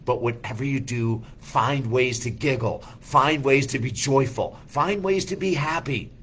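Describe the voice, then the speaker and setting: A man's voice: mid-range voice, a little slow, fairly bright tone, slight background noise. A man who is a life coach, giving an enthusiastic motivational talk full of rhetorical questions.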